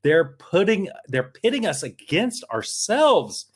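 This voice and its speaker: A man's voice: high-pitched, very animated, slow, breathy edge. Worked-up man ranting on a podcast. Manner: worked up, emphatic, rambling. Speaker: podcast co-host. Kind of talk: casual political podcast chat.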